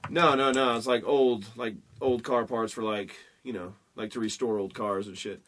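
Bright-voiced man, profane and loose. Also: fairly low pitch, fairly even intonation, moderate pace. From Texas. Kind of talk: casual storytelling chat.

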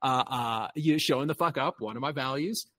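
A man's voice: mid-range voice, moderate pace, a bit bright. Guy rambling thru a bad date story, lots of likes and ums, swears. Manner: rambling, filler-heavy, swears freely. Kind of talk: casual chat.

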